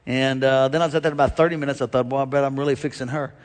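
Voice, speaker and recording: A middle-aged male pastor preaching a sermon to a congregation, an animated preacher who swings between loud exhortation and quiet storytelling. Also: mid-range voice, very fast. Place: large church hall with a congregation. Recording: long hall reverb.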